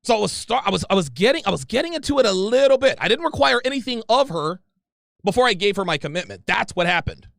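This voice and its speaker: Man, 30s, high, lively delivery, profane rambling storyteller, gravelly edge. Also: fast talker, dry recording, studio quality. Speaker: podcast guest. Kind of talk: casual storytelling.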